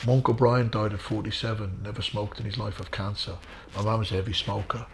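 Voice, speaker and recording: A middle-aged Irish man with a gravelly, creaky edge to his voice recounts his past in an interview. He talks earnestly, repeats key phrases, and keeps turning back to the host by name. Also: on the low side, little pitch movement, fast talker, a little hiss or hum. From Ireland. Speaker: interview guest, former boxer. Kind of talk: emotional storytelling.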